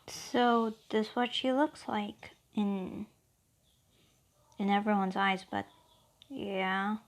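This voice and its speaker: A woman narrating an improvised fan story in a halting, meandering way with many fillers. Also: mid-range voice, flat delivery.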